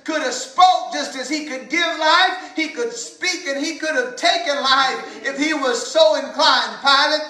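A woman preaches with deliberate, unhurried pacing and a bright, ringing tone. Her delivery is impassioned and swells into shouts. The sound carries the echo of a roomy church sanctuary. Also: high-pitched. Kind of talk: sermon.

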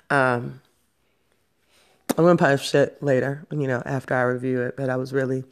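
Slow-talking profane woman in her forties. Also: sits low. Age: 40s. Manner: slow, profane, emotional and self-hyping. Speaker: vlog host. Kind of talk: raw personal vlog monologue.

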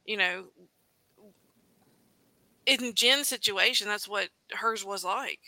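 A woman's voice: medium pitch, slow pace, sharp tone, dry recording, poor audio. A woman podcast co-host explaining a topic in a casual discussion, with loose, searching phrasing.

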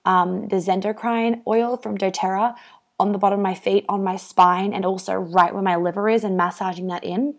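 A woman's voice: mid-range voice, steady tone, normal speed. A young woman hosting a podcast, talking casually and candidly, swearing freely with lots of "um" and "like". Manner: chatty, swears freely, many fillers. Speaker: wellness podcast host.

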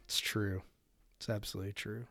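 A man's voice: fairly low pitch, level tone, fairly quick, bright, forceful tone, no echo, clean studio sound. A man in his thirties co-hosting a podcast in casual chat, rambling with frequent laughs and restarts. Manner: rambling, laughs often, acts out kids' voices. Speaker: podcast co-host.

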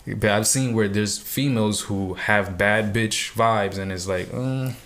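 A man's voice: lowish voice, unhurried, a bit bright. A young man chatting casually, speaking frankly with slang and calling friends bro. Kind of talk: casual chat.

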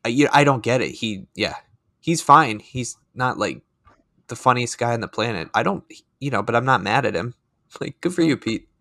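Bright-voiced man hedging his opinions. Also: mid-range voice, lively intonation, moderate pace, creaky, no room sound, studio quality. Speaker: podcast co-host. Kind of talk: casual movie discussion.

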